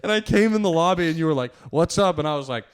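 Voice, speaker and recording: A man's voice: on the high side, lively intonation, racing, clean tone. A man hosting his podcast, telling a road story in casual chat, laughing and acting out the dialogue. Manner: loose, laughing storyteller who acts out dialogue. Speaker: podcast host.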